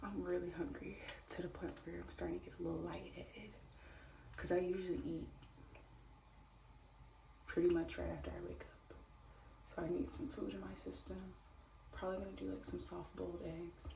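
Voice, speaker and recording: A woman's voice: on the low side, flat delivery, moderate pace, vocal fry, pauses often, mellow. Girl rambling thru her day on a vlog, kinda echoey room, faint hum behind. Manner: chatty and rambling, repeats herself. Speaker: vlogger. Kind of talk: casual vlog chat to camera. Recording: roomy echo with faint ambience.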